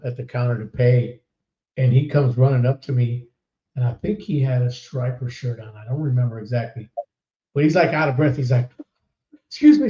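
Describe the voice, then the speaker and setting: A man's voice: mid-range voice, dark tone, reverberant, lo-fi sound. A man hosting a live podcast in casual chat, upbeat and laughing easily as he reads viewer comments aloud. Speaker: podcast host.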